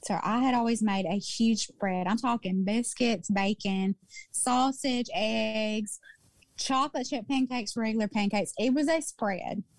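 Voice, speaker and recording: A woman's voice: a little high, measured pace, no room sound. Chatty Southern woman, dry close sound. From Mississippi. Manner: chatty, animated, repeats herself for emphasis. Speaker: podcast co-host. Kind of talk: casual storytelling chat.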